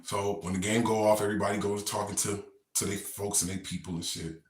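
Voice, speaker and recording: A man casually telling a story in relaxed slang, rambling and repeating himself. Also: on the low side, brisk, echoey room, slight background noise. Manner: laid-back, slangy, rambling.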